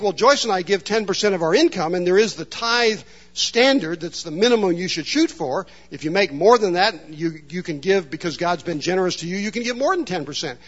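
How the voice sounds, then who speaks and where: A man's voice: high-pitched, a bit bright, highs cut off. A man pastor preaching a sermon in a church, reflective and putting questions to the congregation. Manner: reflective, asks the room questions.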